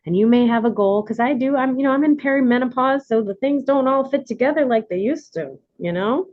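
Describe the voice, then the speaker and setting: The brisk, slightly high voice belongs to a woman in her forties leading a workshop, and the recording is muffled. She chats casually and animatedly with the group, warm and coaching, with laughs mixed in.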